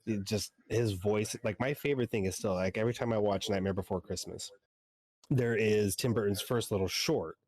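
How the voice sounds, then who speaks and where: A man with a very low voice co-hosts a podcast in casual, rambling chat. He talks with loose enthusiasm and swears casually. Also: moderate pace, darkish tone. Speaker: podcast co-host.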